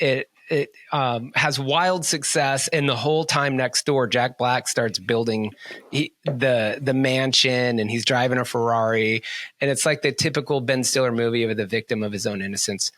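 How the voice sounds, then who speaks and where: A man's voice: mid-range voice, moderate pace, fairly bright tone, no echo. Male podcast co-host, enthusiastic rambler, plain mid voice, dry close mic. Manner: rambling, enthusiastic, many restarts. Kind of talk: casual chat.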